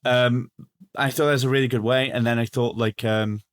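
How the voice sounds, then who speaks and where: A man's voice: mid-range voice, fairly even intonation, normal speed. A man co-hosting a podcast, chatting casually about a film with many restarts and fillers. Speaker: podcast co-host. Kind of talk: casual film review chat.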